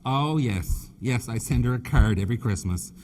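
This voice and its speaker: A man's voice: medium pitch, lively intonation, moderate pace, a little mellow. A man from Scotia, a floral designer giving a chatty, teasing stage demonstration and stuttering a little. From Nova Scotia, Canada. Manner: chatty, teasing, camp humor, calls people honey and dear; stutters a bit. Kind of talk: live stage demonstration talk. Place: main stage at a trade show.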